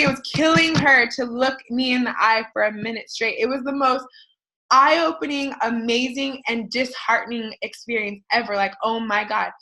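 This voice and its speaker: A woman in her thirties with a fairly high voice chats casually as a podcast host. She rambles and goes off on tangents, talking with lots of fillers in an animated, personal way. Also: moderate pace, low-quality recording. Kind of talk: casual personal talk to listeners.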